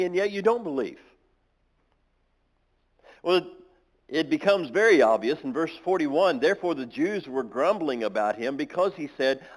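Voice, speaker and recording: A man's voice: mid-range voice, poor audio. Male pastor, mid-range voice, sermon reading and explaining scripture. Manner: reads scripture aloud then explains it, with restarts. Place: church.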